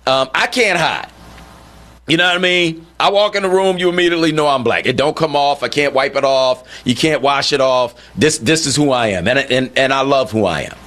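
A man hosting a talk radio show, conversational and animated, rising in pitch when indignant. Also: brisk. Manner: conversational with frequent "you know what I mean". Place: radio studio.

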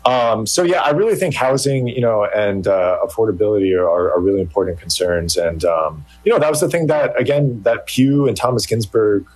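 A man's voice: on the low side, brisk, hardly any pauses, a little mellow, poor audio. A man who is a journalist guest on an interview, answering hesitantly with many restarts.

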